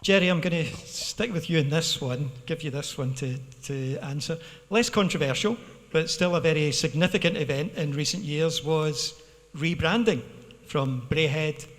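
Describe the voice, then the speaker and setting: A man with a fairly high voice, hosting a fan Q&A and reading questions aloud at an even, measured pace. A long arena reverb trails behind every phrase. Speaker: Q&A host. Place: arena hall.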